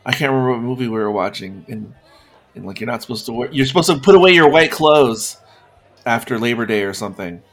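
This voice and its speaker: A man co-hosting a casual film podcast, explaining and telling stories in a relaxed way. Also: mid-range voice, quick pace. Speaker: podcast co-host.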